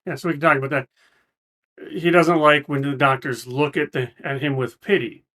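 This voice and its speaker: Thoughtful man explaining, slightly high voice. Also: fairly even intonation, moderate pace, fairly bright tone. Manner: explanatory, thoughtful, with frequent restarts. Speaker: reaction video host. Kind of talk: casual commentary.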